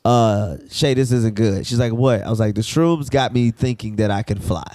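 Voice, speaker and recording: A man co-hosting a podcast, telling a long story in a rambling, profane, animated way. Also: on the low side, normal speed, dry recording, clean studio sound. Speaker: podcast co-host. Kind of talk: casual storytelling chat.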